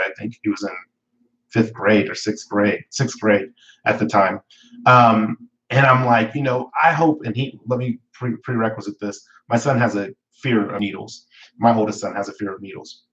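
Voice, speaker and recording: Candid man, low voice, lo-fi stream. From Northern California. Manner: candid, reflective, uses fillers and self-corrections. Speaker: weekly talk show host. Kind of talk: live motivational talk, personal story.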